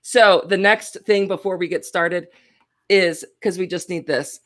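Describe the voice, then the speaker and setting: Playful woman with a lowish voice. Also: unhurried, a bit bright. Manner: playful, teasing, chatty. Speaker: Bible study co-host. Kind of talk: casual chat on a livestream.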